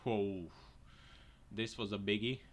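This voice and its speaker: A man hosting a casual video, laughing often and shouting at what he sees on screen, joking as he goes. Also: fairly low pitch, steady tone, slow. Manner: laughs often, exclaims loudly at crashes; jokey, slips into silly put-on voices. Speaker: host. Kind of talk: casual commentary over clips. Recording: noisy background.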